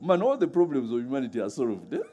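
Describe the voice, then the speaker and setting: Animated preacher man, mellow and husky. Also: medium pitch, quick pace. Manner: lively, laughing often, acts out voices in stories. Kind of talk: sermon.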